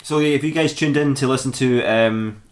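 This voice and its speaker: A man's voice: mid-range voice, normal speed. A man co-hosting a podcast, chatting casually and enthusiastically, laughing a lot and swearing freely. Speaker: podcast co-host. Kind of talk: casual chat.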